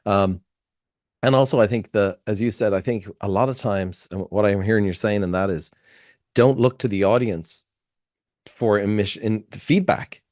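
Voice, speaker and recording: A man's voice: fairly low pitch, normal speed, a little mellow, no room sound, studio quality. Irish man rambling through questions. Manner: rambling, searching questions with fillers. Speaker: podcast host. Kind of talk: interview conversation.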